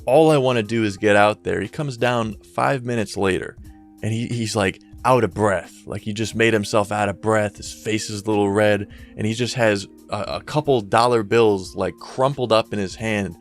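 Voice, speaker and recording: A man's voice: fairly low pitch, steady tone, moderate pace, faint music behind. A young man telling a story in a casual, rambling way, full of slang and swearing. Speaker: YouTuber storyteller.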